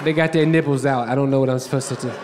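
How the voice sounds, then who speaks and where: A man's voice: medium pitch, fairly even intonation, rapid-fire, very noisy. A man doing a stand-up comedy set on a theater stage, telling brash, profane stories and acting out what people said. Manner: brash, profane storytelling with acted-out quotes. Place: large theater stage before a live audience. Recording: live theater with long reverb. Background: audience laughter.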